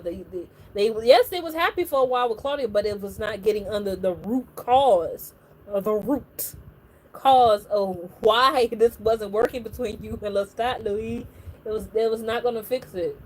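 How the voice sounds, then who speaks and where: Woman streamer gushing about a show, animated, lots of "like", slight hiss. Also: medium pitch, rough recording. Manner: animated, chatty, lots of "like" fillers. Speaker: livestream host. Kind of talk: casual reaction chat.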